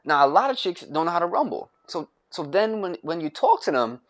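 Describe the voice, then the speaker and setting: A man's voice: on the high side, big pitch swings, a little fast. A young man from the United States vents in a grumpy monologue straight to camera. He circles back on himself, repeats phrases and restarts sentences, with casual swearing throughout. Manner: rambling and repetitive, profane, restarts often. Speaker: vlogger.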